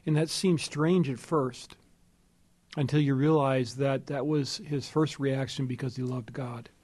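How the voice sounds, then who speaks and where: A man hosting a conversation about faith, responding with measured, reflective comments. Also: medium pitch, steady tone, a little mellow. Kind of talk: conversational interview.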